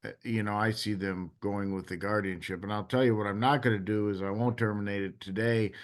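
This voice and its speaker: A man presides as judge, explaining procedure in halting phrases padded with fillers. His voice is fairly low, smooth and clear. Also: steady tone. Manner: halting, full of "uh" and "you know". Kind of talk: court proceedings.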